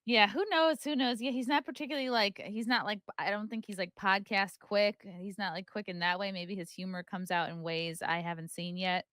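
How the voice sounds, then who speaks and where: A woman's voice: mid-range voice, fairly even intonation, fairly quick, hardly any pauses, a bit bright, dry recording. A woman hosting a podcast in casual chat, dry and sarcastic. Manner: dry, sarcastic, passive-aggressive. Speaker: podcast host.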